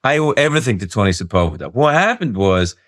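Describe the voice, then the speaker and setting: Scottish man telling stories, low voice. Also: fast, no echo, clean studio sound. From Scotland. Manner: storytelling, lively and joking. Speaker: podcast host. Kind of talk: casual chat.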